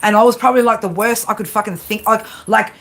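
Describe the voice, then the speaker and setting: A woman's voice: a little high, flat delivery, quick pace, noisy background. A woman giving live tarot readings, blunt and rambling, swearing heavily and tagging her lines with "right?". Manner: blunt tough-love talk with heavy swearing; rambling, with constant "right?" tags. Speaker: tarot card reader.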